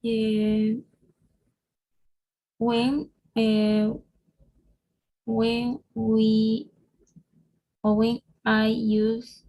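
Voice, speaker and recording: A woman's voice: fairly high pitch, monotone, extremely slow, long pauses, dark tone, low-quality recording. A woman student whose first language is Spanish, speaking English with a Spanish accent, hesitant and searching for words in an online lesson.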